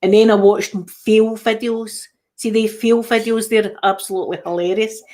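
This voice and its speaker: A woman's voice: a little high, flat delivery, normal speed, mellow. A middle-aged Scottish woman hosting a casual live chat. She tells everyday stories and acts out the voices of the people in them. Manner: chatty storyteller who acts out the voices in her stories. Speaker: channel host.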